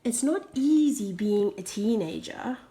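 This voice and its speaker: A woman's voice: mid-range voice, animated, a little slow, mellow, natural voice. A woman reading aloud voicing a patient, firm mother in a children's story. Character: patient mother of a busy family.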